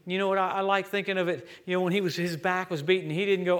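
Man, American accent, guest preacher, high voice, lively jokey sermon. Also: fast. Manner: lively, jokey preaching with sudden loud peaks.

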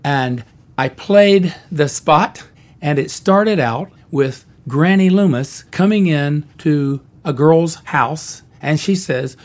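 A man's voice: fairly high pitch, slow. A man in his sixties telling a wry, easygoing story about his career as a jingle writer. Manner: wry, easygoing, self-deprecating. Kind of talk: storytelling reminiscence.

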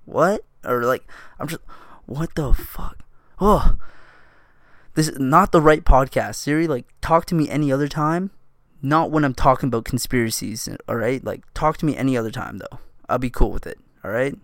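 A man's voice: mid-range voice, a little fast, a bit bright, no room sound, clean studio sound. A man hosting a solo podcast in loose casual chat, swearing and laughing often as he drifts from thought to thought. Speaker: podcast host.

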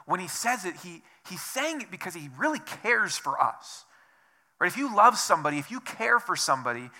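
A male pastor preaching with a very bright, forceful voice pitched a little high. He is earnest, repeats his phrases and keeps asking the room questions. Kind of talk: sermon.

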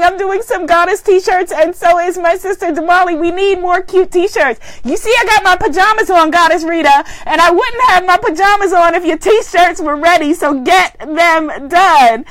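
A woman's voice: very high voice, measured pace, dry recording. A woman hosting a spiritual live stream at home, chatting casually and reading viewer comments with exuberant, affectionate energy. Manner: exuberant, affectionate, breaks into cheers and laughter. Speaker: spiritual livestream host.

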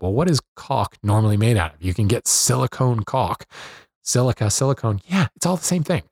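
A man explaining wood and rot in a relaxed, conversational lesson, with fillers and self-corrections. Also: on the low side, husky, no room sound, clean studio sound. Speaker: woodworking instructor.

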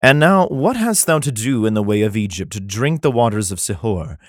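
A man's voice: on the low side, big pitch swings, no room sound, studio quality. A man reading old scripture verses aloud and breaking in with sarcastic, irreverent comments that include swearing. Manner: plain unhurried reading of archaic verse.

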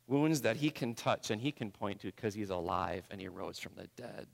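A man's voice: on the low side, expressive, normal speed, creaky, hardly any pauses. A man preaching a sermon, moving between impassioned appeals, prayer and vivid storytelling. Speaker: pastor. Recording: long hall reverb.

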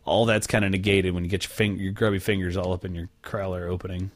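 A man's voice: deep voice, level tone, quick pace. A young man hosting a podcast, chatting casually in a rambling, profane, joking way. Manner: rambling, profane, jokey storyteller. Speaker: podcast host.

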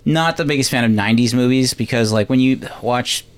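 A man of middling pitch hosts a casual film podcast. He talks in loose, rambling runs and slips into jokey quips. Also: brisk, clean tone. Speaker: podcast host. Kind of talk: casual movie chat.

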